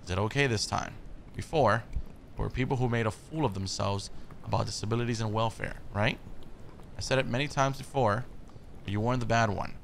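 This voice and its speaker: A man's voice: medium pitch, fairly quick, gravelly, a little hiss or hum, natural voice. A man reading out a caring mother's message to her son in his own plain voice. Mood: gentle. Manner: plain reading of on-screen text.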